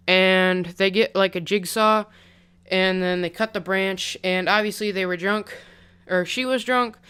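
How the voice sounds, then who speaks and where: A man's voice: sits high, fairly bright tone, smooth. A young man casually telling a story on his vlog, rambling and chatty with lots of "like", into a pop-filtered desk mic. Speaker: vlogger.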